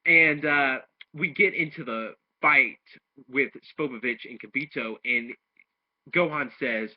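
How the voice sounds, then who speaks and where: A man's voice: medium pitch, unhurried. A man casually recapping and reviewing an anime episode, rambling through the plot with restarts. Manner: rambling retelling with restarts, acting out quoted lines. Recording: dull lo-fi home recording.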